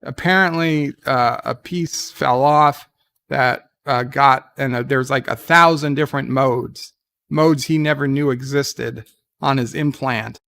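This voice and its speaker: A man's voice: medium pitch, unhurried, creaky, fairly bright tone, no room sound. A man giving a casual, rambling recap of a TV episode, full of fillers and restarts. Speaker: show reviewer.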